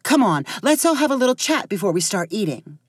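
A woman voicing an eager hostess who smooths over awkward moments and loves gossip. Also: medium pitch, sing-song, fairly quick, no echo, studio quality, voice pushed up. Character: fussy hostess woman, nosy and peacemaking.

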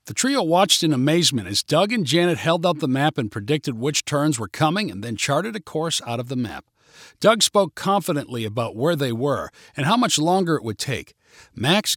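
A man narrating a story in a steady, plain reading manner. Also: a little high, no echo, clean studio sound.

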